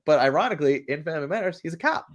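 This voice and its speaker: A man co-hosting a casual podcast, animated and quick to laugh. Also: on the high side. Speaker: podcast co-host. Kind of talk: casual chat.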